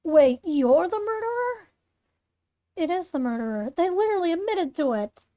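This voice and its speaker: A woman's voice: very high voice, sing-song, moderate pace, mellow, pitched above the performer's own voice. A woman voicing a frightened young victim confronting a killer, in a shocked, pleading voice while reading a fan story aloud. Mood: alarmed.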